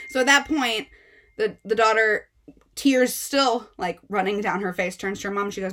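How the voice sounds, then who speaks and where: A young woman book vlogger retelling a story in a casual, animated, exasperated way with many fillers. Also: medium pitch, moderate pace.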